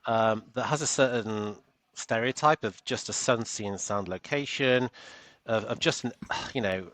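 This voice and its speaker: A man's voice: fairly low pitch, measured pace, a bit bright, no room sound. A British man, a coach and author, talking earnestly as a podcast guest and often repeating words as he goes. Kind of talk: podcast interview.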